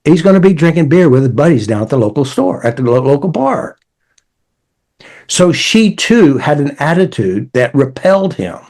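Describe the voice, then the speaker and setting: A man with a mid-range, darkish voice hosts a conversational talk, sharing client anecdotes full of wry asides and acted-out quotes. He created a therapy method and hosts a podcast, and the talk is conversational storytelling.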